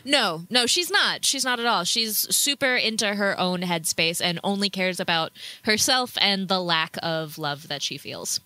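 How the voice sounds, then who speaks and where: A woman's voice: medium pitch, normal speed, pushed and bright, no echo. A woman talking through a story point in casual podcast chat, earnest and thoughtful.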